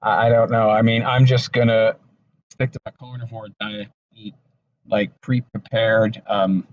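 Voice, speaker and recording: Weary, halting man talking to camera. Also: fairly low pitch, little pitch movement, dull audio, a little hiss or hum. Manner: halting, subdued, with many restarts and fillers. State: exhausted. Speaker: vlogger. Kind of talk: casual personal vlog monologue. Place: in his car.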